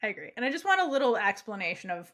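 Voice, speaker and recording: Eager, rambling woman co-host, slightly high. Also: big pitch swings, very fast, a bit bright. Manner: enthusiastic, rambling with many "like"s. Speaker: podcast co-host. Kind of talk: casual book club chat.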